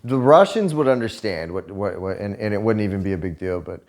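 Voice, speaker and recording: A man vlogger telling stories in a casual chat, profane and animated, laughing as he tells them. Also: on the low side, a little fast.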